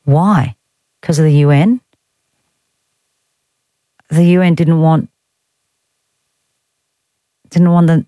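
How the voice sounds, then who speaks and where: A woman's voice: sits low, animated, measured pace, long pauses, dark tone, no room sound. An Australian woman hosting talkback radio, chatting in a wry, teasing way and reading out listener texts. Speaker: radio host. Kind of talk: casual talkback radio chat. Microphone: studio microphone.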